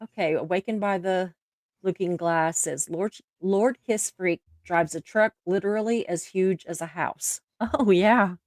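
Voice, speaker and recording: A woman's voice: lowish voice, unhurried, darkish tone, no echo, clean studio sound. A woman with a Southern American accent hosting a casual live stream, reading viewer comments aloud and laughing often. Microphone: live stream mic.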